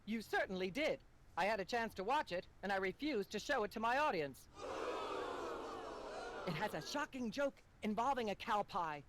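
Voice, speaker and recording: A woman's voice: mid-range voice, lively intonation, moderate pace, a faint crowd, a little hiss or hum, natural voice. A woman voicing a condescending, self-absorbed talk show hostess in a comedy adventure game. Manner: condescending, droning.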